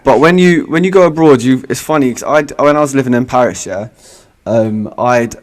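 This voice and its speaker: A man co-hosts a football chat show at a mid pitch for a man. He is playful and argumentative and uses a lot of street slang. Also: a little fast. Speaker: podcast co-host. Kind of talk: casual football banter.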